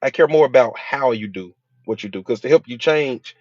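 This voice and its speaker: A hypnotherapist and parent of a school-age child gives a motivational speech packed with rhetorical questions, emphatic repetition, and casual slang. He speaks at a moderate pace in a mid-range, darkish voice, and the recording is dull, dry, and lo-fi.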